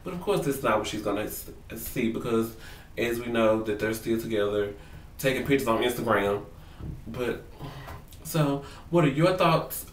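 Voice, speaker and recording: A man casually reviewing a reality show for his vlog, talking in animated, profane slang and acting out what people said. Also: medium pitch, moderate pace, distant mic, a little hiss or hum. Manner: animated, profane, slangy, acts out quotes in voices. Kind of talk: casual gossip commentary to camera. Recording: roomy sound, away from the mic.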